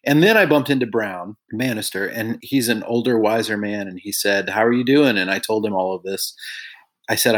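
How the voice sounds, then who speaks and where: A man's voice: lowish voice, normal speed. A middle-aged man speaks as a podcast guest, earnest and reflective as he tells personal stories. He livens up when he quotes other people, then settles back into a thoughtful, conversational tone. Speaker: guest, songwriter and author. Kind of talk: conversational storytelling.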